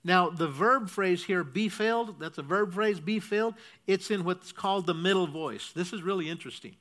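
High, bright-voiced male preacher. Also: moderate pace. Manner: teaching, asks the congregation to repeat and checks "okay?". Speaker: pastor. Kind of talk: sermon.

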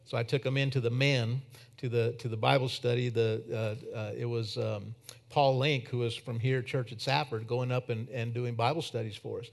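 A man preaching a sermon in church, telling a personal story that swings from emphatic to hushed. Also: mid-range voice, fairly even intonation, normal speed, gravelly.

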